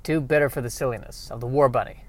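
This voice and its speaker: A man riffing through a rambling comedic monologue, self-mocking, dropping quiet and then bursting louder. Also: mid-range voice, fast talker.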